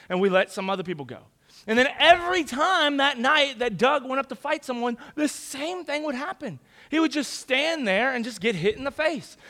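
A young man telling a story to a crowd in a lively, casual, conversational way. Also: extremely high pitch. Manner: animated, conversational, casual slang. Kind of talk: storytelling talk.

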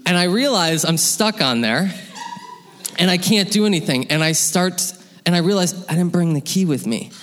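A man telling a personal story live on stage, lively and laughing, acting out the voices of his parents. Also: high voice, normal speed, slight background noise. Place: hall with audience. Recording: long hall reverb.

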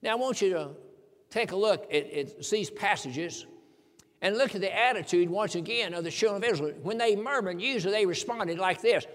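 An older male preacher with a notably high voice delivers an earnest sermon, driving his points home by repeating key phrases. His words ring out with a long reverb, as in a large church hall. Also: normal speed, a bit bright.

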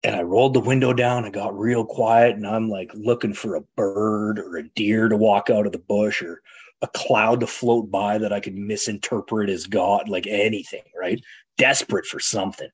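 Middle-aged guy, kinda husky and lowish, telling his story straight and earnest. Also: fairly even intonation, normal speed. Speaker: guest speaker sharing recovery story. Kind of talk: personal testimony.

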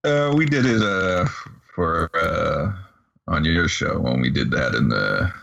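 A very deep, gravelly man chimes in on a podcast movie chat, mostly with short prompts and remarks. His pitch swings widely as he talks. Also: lively intonation, slow pace, a bit bright, dull audio. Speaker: podcast co-host.

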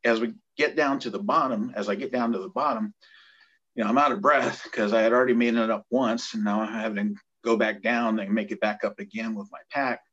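A middle-aged man with a deep, breathy voice tells a training story in a loose, conversational way. He gets animated and acts out the people he quotes. The recording sounds dull and muffled. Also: a little fast. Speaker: guest, former Navy corpsman. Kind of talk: casual storytelling.

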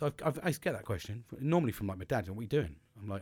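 A man hosts a podcast in a loose, candid monologue, swearing often and breaking off to restart his thoughts. His voice sits at an ordinary middle pitch and sounds close and dry, with no room around it. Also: fast, darkish tone, dry recording. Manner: chatty and frank, swears freely, restarts sentences. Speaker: podcast host. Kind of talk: casual monologue on coping and mental health.

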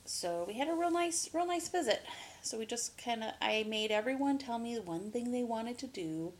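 A woman's voice: a little high, lively intonation, normal speed, a little hiss or hum. A woman co-hosting a podcast in casual chat, talkative, laughing often and swearing freely. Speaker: podcast co-host.

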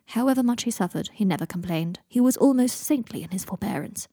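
A woman narrating a fan fiction audiobook in a steady, measured reading voice. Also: mid-range voice, slightly rough, no room sound, clean studio sound.

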